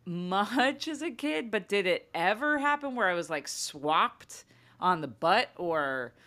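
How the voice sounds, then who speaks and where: Animated mom telling stories on a podcast. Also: female voice, medium pitch, unhurried. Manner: animated storytelling, acts out her kids' voices. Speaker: podcast co-host. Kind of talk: casual chat.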